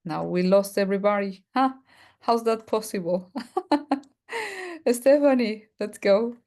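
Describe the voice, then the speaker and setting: Spanish-speaking lady teaching english pronunciation online, draws every word out slow, laughs a lot. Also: medium pitch, lively intonation, darkish tone. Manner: slow, drawn-out drilling of words, laughs often. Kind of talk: online group class.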